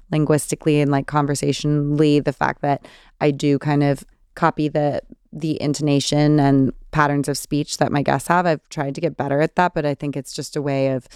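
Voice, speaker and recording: A woman in her thirties with a Californian accent and vocal fry, chatting casually as a podcast host answering listener questions. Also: deep voice, darkish tone, dry recording, studio quality. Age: 30s. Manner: chatty, many fillers and restarts. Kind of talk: casual solo Q&A.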